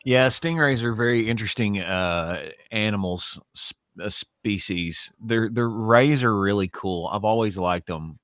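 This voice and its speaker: A man talking on a casual podcast in a slightly low voice. He is earnest and gushing and swears for emphasis. His sound is dry and close to the mic. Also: unhurried, hardly any pauses, fairly bright tone, no room sound. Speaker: podcast co-host. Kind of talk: casual chat.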